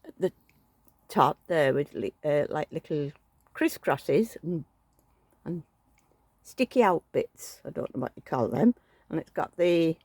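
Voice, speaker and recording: A woman talks through a home vlog in a rambling, chatty way, now and then grumbling. Her voice sits low with a gravelly, fry-laden edge. The sound is dry and close. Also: dry recording. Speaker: doll collector vlogger. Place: at home indoors.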